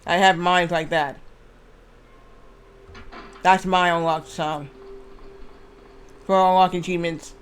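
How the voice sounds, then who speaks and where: High-voiced rambling male streamer. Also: little pitch movement, slow, long pauses, a bit bright, slight background noise. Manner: rambling, restarts, swears freely. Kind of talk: casual gameplay commentary.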